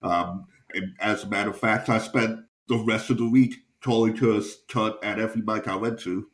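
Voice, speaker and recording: A man's voice: lowish voice, fairly even intonation, normal speed, roomy sound. A young man and stand-up comedian, hosting a podcast and telling a profane anecdote in a casual, chuckling way.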